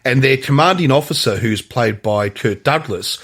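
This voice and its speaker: A man's voice: medium pitch, animated, moderate pace, a bit bright. Chatty man co-hosting a film podcast. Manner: chatty, explains at length with many restarts. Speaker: podcast co-host. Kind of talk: casual film-review chat.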